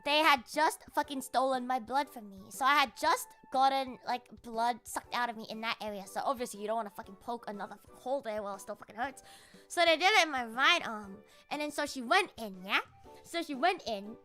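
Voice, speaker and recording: A woman livestreamer telling a story in casual chat, animated, swearing a lot and laughing along. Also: a little high, brisk, soft background music.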